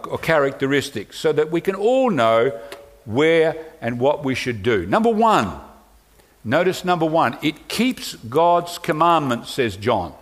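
Guy pastor preaching a sermon, kinda high voice, lots of rhetorical questions. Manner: acts out quoted voices.

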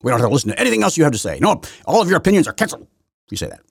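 A man's voice: fairly high pitch, big pitch swings, very fast, gravelly, slightly rough, no echo, clean studio sound. A middle-aged man hosting an opinion podcast, talking in a sarcastic, mocking way with many repeats and restarts. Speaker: podcast host. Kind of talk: opinion commentary monologue.

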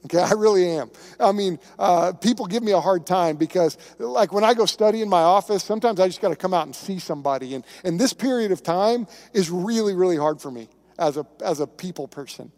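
Male pastor, high voice, casual storytelling sermon, long hall reverb. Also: expressive, fairly quick, hardly any pauses, darkish tone. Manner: conversational, emphatic preaching with storytelling.

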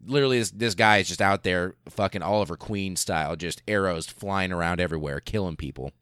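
Male podcast host with a low voice. Casual, excitable and profane storyteller with many fillers, recorded dry. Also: brisk, clear, resonant tone, no echo.

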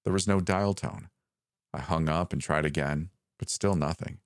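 A man with a very deep, low voice reads a first-person horror story. His delivery is calm and measured, and the recording is dry and close, with no room sound. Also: no room sound.

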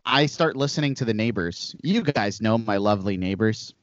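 A man's voice: fairly low pitch, moderate pace, dry recording. Male podcast host, casual rambling talker, dry lo-fi recording. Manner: rambling storyteller, animated asides. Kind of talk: casual chat.

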